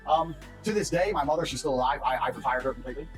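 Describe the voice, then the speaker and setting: A man's voice: medium pitch, rapid-fire, soft background music. A man telling stories about his family in an interview, blunt and brash and swearing freely. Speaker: interviewee in archived clips. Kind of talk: storytelling interview talk.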